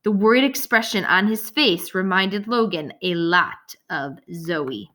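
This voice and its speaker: A woman's voice: medium pitch, measured pace. Woman narrating a children's audiobook. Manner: lively expressive reading. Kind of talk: scripted narration.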